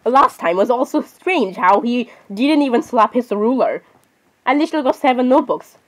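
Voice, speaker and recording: A woman's voice: on the high side, lively intonation, moderate pace. A woman giving casual gameplay commentary, chatting on and arguing with herself, often breaking off to apologize. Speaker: gaming channel host.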